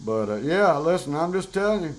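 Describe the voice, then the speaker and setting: A man's voice: a little high, big pitch swings, fairly quick, poor audio. An older man, talking bluntly and profanely in a rambling, casual monologue as a show host. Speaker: podcast host.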